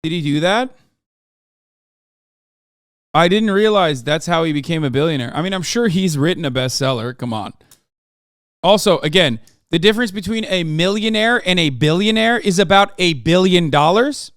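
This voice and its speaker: A man's voice: sits high, moderate pace, a bit bright, no echo, studio quality. Profane, sardonic male streamer. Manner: profane, sardonic, talks to chat. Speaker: streamer host. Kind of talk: casual reaction commentary.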